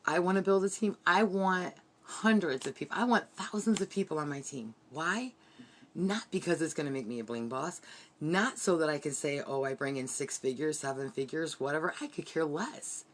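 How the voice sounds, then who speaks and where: A woman's voice: on the low side, expressive, moderate pace. Earnest woman giving a motivational pep talk. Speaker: team leader giving a sales training. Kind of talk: motivational team training talk. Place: her bedroom at home.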